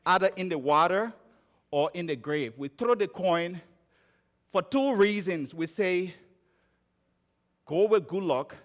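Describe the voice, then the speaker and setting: A man from Liberia with a Liberian accent, preaching a sermon and telling stories, moving between emphatic raised phrases and quiet low ones. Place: church sanctuary. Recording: church sanctuary with long reverb.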